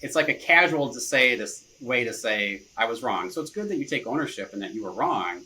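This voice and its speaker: A man's voice: medium pitch, animated, a little fast, bright, forceful tone, a little hiss or hum, poor audio. A man, a marketing director, chatting casually as a podcast guest in an easygoing way, often chuckling and saying "you know". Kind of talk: casual interview chat.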